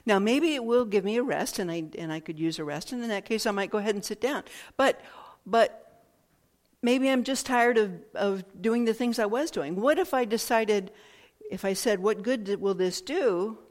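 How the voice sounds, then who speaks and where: A woman speaks slowly and thoughtfully, circling back over her phrases as she reflects. Her voice carries a long reverb, as if recorded in a large hall. Her pitch sits in an ordinary middle range. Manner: thoughtful, slow, with repeated phrases and pauses. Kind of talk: reflective spoken talk.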